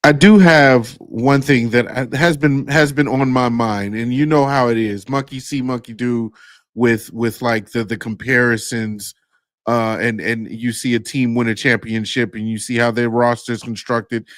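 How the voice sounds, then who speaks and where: A man's voice: medium pitch, fairly even intonation, moderate pace, no echo. A man co-hosting a casual sports talk show, upbeat and hopeful as he makes his case. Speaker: sports podcast co-host.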